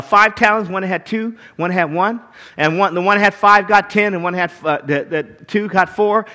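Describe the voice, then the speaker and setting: A man preaching a sermon, animated, asking the crowd rhetorical questions and acting out the quotes he reads. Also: sits high, lo-fi sound. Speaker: pastor.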